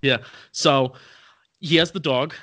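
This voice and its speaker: A man's voice: fairly high pitch, fairly even intonation, slow, fairly bright tone. A man co-hosting a podcast, rambling casually and poking fun at himself. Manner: rambling, self-deprecating. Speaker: podcast co-host. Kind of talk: casual chat.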